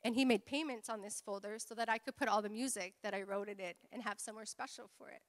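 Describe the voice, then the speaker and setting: A woman's voice: medium pitch, steady tone, quick pace. A woman preaching a sermon, telling personal stories and drawing amens from the congregation. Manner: personal storytelling with call-and-response amens. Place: church hall. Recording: long hall reverb.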